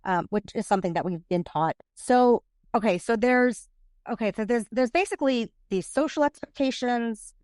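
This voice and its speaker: Woman host on a podcast, smooth voice, stops and restarts a lot, dry sound. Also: on the high side, darkish tone, no echo. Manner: halting, many restarts when asking questions. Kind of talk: podcast interview.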